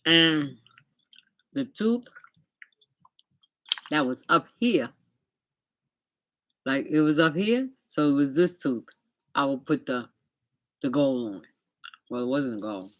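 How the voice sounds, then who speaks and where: Middle-aged woman vlogger, casual chatty storyteller, bright voice, close dry mic. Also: very deep voice, lively intonation, slow, pauses often, no echo. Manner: chatty, talks straight to viewers as y'all.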